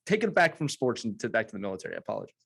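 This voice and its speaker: A man's voice: lowish voice, sing-song, very fast, creaky, a bit bright, husky. A man hosting a podcast, chatting casually and tying points back to coaching sports. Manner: easygoing, relates points to sports, says "you know" a lot.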